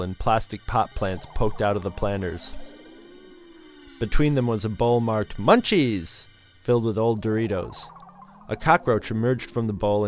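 Deep-voiced man narrating a story. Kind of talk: audiobook narration.

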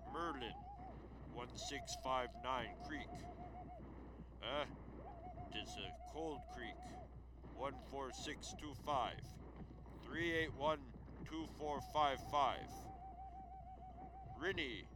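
A man's voice: mid-range voice, heavy background noise. A man reading phone book listings aloud as a comic bit, with jokey asides. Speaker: comedic phone book reader.

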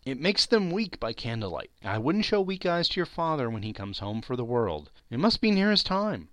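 A man voicing a poor mother in a storybook reading, speaking softly and steadily with a lifted pitch. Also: very animated, moderate pace, no room sound. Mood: gentle.

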